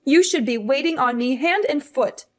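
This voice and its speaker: A woman's voice: high voice, expressive, normal speed. A woman voicing a demanding, guilt-tripping older mother in a hospital bed, in a scripted story drama, with a scolding, condescending manner. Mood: indignant. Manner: scolding, condescending, self-pitying.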